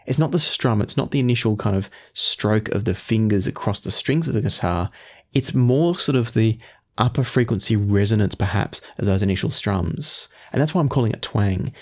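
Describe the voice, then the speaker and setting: A man reviewing earphones in measured talk, often qualifying his claims. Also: fairly low pitch, a little mellow. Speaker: audio gear reviewer.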